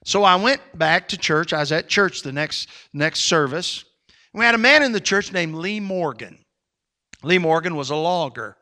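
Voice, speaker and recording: A male pastor telling a story in a sermon, folksy and animated, with sudden loud swells of emphasis. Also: on the high side, moderate pace.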